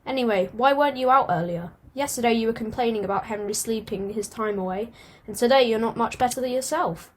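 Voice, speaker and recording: Smudge, a woman doing a high, eager house cat. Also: natural voice. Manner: eager, quick, high-pitched questioning. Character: chatty, excitable young male house cat.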